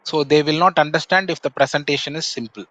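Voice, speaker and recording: A man's voice: fairly high pitch, bright, forceful tone, no room sound, muffled recording. Indian man with a Tamil accent, thoughtful. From Tamil Nadu, India. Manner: measured, thoughtful, many pauses and "uh" fillers. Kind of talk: casual conversation.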